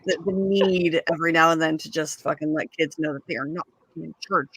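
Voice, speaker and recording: Woman guest, 30s, bright forceful voice, sarcastic and profane, dry close sound. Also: low voice, fairly quick, husky, dry recording. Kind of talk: casual chat.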